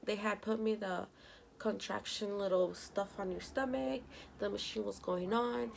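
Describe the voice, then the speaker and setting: A woman's voice: mid-range voice, fairly even intonation, moderate pace. A young woman vlogging from home, telling a story casually with lots of "like" and quoted dialogue. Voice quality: gravelly vocal fry. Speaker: beauty vlogger.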